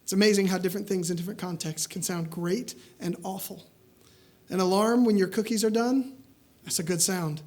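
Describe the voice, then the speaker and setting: A man preaching a sermon, telling a story with lively acted-out dialogue. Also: a little fast. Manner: animated storytelling, acting out dialogue with rising pitch.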